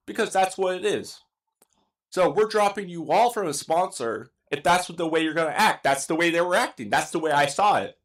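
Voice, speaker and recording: Exasperated high-voiced young man ranting. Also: moderate pace, a bit bright. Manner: exasperated, emphatic, swears and apologizes for it. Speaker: streamer giving commentary. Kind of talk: ranting commentary.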